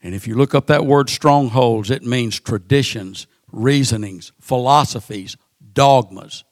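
A man delivers a sermon at a middling pitch. He often repeats words and fills gaps with "uh" as he builds his points. The recording is dry and close, with little room sound. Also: a little slow, dry recording. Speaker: preacher.

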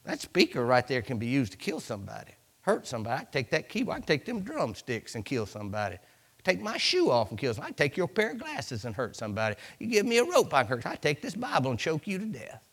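A man's voice: mid-range voice, wildly swooping pitch, fast talker, a bit bright, breathy edge. A man preaching a sermon in a church, chatty and conversational, acting out asides and breaking in with hallelujahs. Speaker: pastor.

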